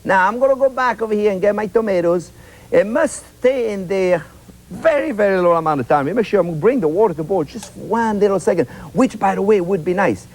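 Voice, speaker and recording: A man's voice: high voice, lively intonation, fairly quick, darkish tone. A man hosting a TV cooking show, chatty and enthusiastic as he demonstrates a recipe and repeats words for emphasis. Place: TV studio kitchen.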